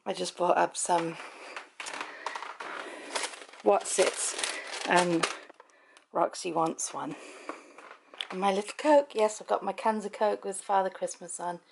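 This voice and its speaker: A middle-aged British family vlogger chats from home in the evening, rambling through a long story with frequent ums in a casual vlog. Her fairly low, gravelly voice moves slowly and pauses often, with a noisy background.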